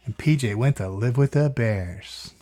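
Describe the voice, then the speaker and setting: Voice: mid-range voice, measured pace, warm tone. A storyteller reading a picture book aloud to a child, often stopping for chatty asides and questions to the listener.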